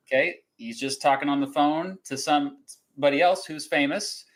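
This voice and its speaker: A man's voice: a little high, moderate pace, low-quality recording. Host, man, casual chat, rambling delivery with chuckles and fillers. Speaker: podcast host running a quiz.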